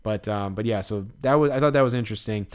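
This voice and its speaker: Here a man speaks smoothly and fast in a lowish voice, co-hosting a podcast and recapping a show. His talk is a loose, rambling chat full of "like" and fillers, with impressions of what others said.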